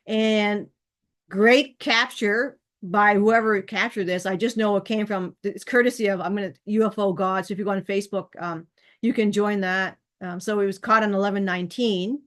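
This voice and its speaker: A woman talks straight to her viewers in a loose, rambling story. She fills it with ums and acts out little bits of dialogue. Her voice sits at a middle pitch for a woman. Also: steady tone, normal speed. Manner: chatty, rambling, with frequent fillers and acted-out quotes. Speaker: channel host. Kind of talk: casual storytelling to camera.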